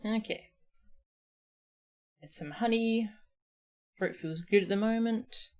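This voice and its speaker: A woman's voice: medium pitch, slow, darkish tone. A woman game streamer chatting casually with her viewers and her cats, her voice sore from streaming. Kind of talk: casual live-stream chat.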